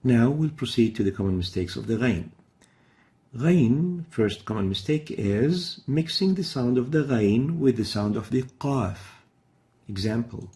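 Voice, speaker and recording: A man's voice: mid-range voice, lively intonation, measured pace, mellow. A man teaching a recorded recitation lesson, explaining each pronunciation mistake step by step and then sounding out the Arabic letters himself.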